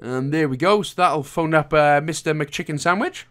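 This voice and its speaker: A man's voice: a little high, normal speed, a bit bright. A man from Wales, hosting a casual game walkthrough with jokey, rambling, self-mocking asides. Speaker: video game walkthrough host.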